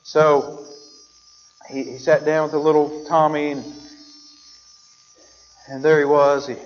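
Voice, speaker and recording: A man's voice: a little high, little pitch movement, slow pace, pauses often. A man preaching a sermon as pastor, telling a story and acting out its characters. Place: church sanctuary. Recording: dull sound with a long hall reverb.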